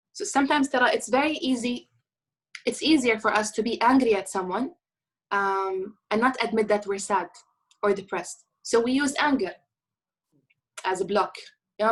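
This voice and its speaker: A woman's voice: mid-range voice, low-quality recording. A woman giving a talk on healing, speaking earnestly and mixing in Arabic words as she acts out small dialogues. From Arab world. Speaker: motivational speaker.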